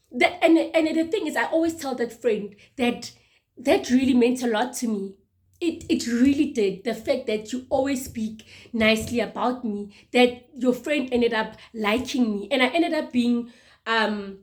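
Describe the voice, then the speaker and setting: A woman's voice: on the high side, darkish tone. A woman in her mid-thirties hosting a casual advice monologue, earnest and emphatic, often repeating her words. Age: 30s. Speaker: show host.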